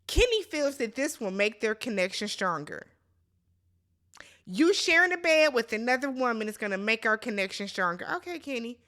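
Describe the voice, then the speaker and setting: A woman's voice: a little high, animated, normal speed, bright, forceful tone. A woman hosting a casual reality TV recap, sassy and chatty, talking straight to her viewers. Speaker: recap host.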